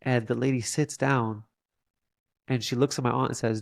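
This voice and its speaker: A young man, a podcast guest, telling a long story in a halting way with many fillers and restarts. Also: medium pitch, fairly even intonation, creaky, dry recording. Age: young adult. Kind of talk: casual storytelling interview.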